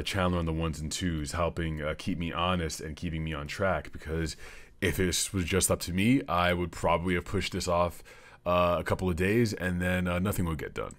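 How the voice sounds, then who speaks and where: A man's voice: deep voice, a bit bright. A man hosting a comedy podcast, rambling through a profane, jokey monologue. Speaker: podcast host.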